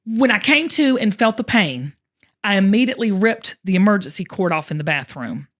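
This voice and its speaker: Expressive woman host telling a story. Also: medium pitch, brisk. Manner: emotional and expressive, often addressing listeners directly. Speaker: show host. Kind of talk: personal storytelling in casual conversation.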